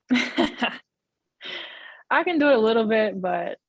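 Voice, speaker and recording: A woman's voice: fairly high pitch, animated, takes it slowly, dry recording. A young Australian woman, a college basketball player, chatting casually on a video call and laughing between phrases. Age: young adult. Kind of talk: casual interview chat.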